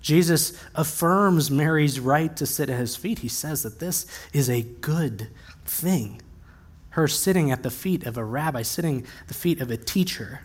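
A male preacher with a somewhat higher voice, telling the story in a relaxed, conversational way. He slips into acted asides and keeps the delivery lively. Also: measured pace. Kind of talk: sermon.

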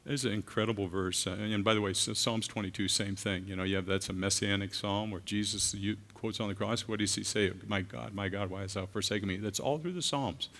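A man preaching a sermon as a guest speaker, earnest and halting, with frequent restarts. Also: fairly low pitch, steady tone, fairly bright tone. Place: church. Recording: long reverb of a large hall.

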